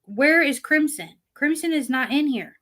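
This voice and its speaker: A woman's voice: sits high, animated, moderate pace, fairly bright tone. A woman hosting a live-stream talk show, calling on guests. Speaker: host.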